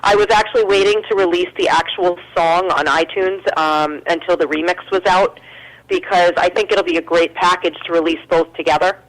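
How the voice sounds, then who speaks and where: A woman's voice: fairly low pitch, fairly even intonation, brisk, low-quality recording. An American woman talking as a guest musician in a casual chat, earnest and full of fillers and restarts. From United States.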